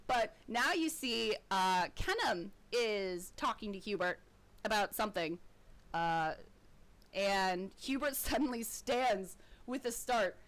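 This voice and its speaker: A woman narrating as game master of a tabletop game, lively and quick to laugh. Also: a little high.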